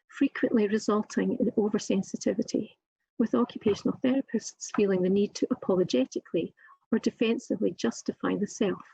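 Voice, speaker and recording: A woman with a Scottish accent delivering a formal, prepared lecture on occupational therapy in a measured, deliberate way. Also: mid-range voice, gravelly, dark tone, husky, dry recording. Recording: muffled lo-fi recording.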